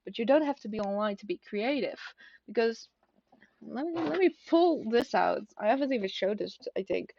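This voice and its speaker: A young woman vlogging at home in a casual, confessional way, rambling and halting with a self-deprecating tone. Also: a little high, animated, creaky, mellow. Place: at home, seated at a desk. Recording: dry, slightly dull lo-fi.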